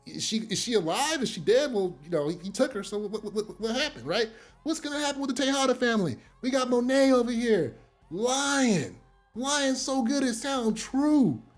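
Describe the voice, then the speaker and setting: A man casually recapping a TV episode, animated and profane. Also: high voice. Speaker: TV recap host.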